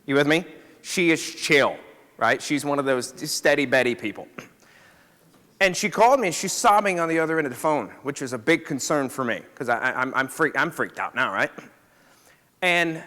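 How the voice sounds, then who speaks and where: Bright-voiced man telling a story in a hall. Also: fairly high pitch, lively intonation, moderate pace. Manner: conversational, checks in with the audience. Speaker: chiropractor. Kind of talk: storytelling talk to a live audience.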